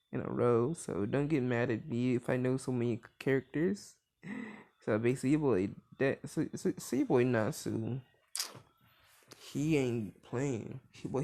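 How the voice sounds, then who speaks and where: A man's voice: mid-range voice, vocal fry, warm tone. A young man casually retelling a cartoon crossover story, rambling with constant filler words and swearing. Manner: rambling, full of "like" fillers, profane.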